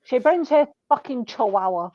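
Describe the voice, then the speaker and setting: A woman's voice: a little high, expressive, normal speed, dry recording, muffled recording. A woman telling blunt, sweary stories about her shop customers in casual chat.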